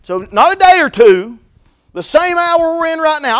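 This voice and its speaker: A man preaching a fervent sermon, moving between quiet folksy stories and loud repeated calls of blessing. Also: very high voice, sing-song, moderate pace.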